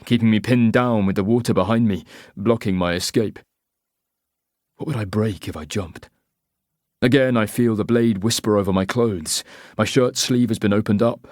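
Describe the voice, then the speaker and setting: A man reading a first-person thriller audiobook in a measured, tense, clipped way. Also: on the low side, darkish tone, dry recording, clean studio sound. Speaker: audiobook narrator.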